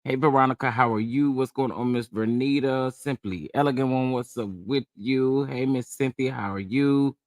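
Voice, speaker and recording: A man's voice: mid-range voice, normal speed, few pauses, dry recording, clean studio sound. A man hosting a casual live chat, feeling under the weather, greeting viewers by name in a chatty, drawling way. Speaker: livestream host.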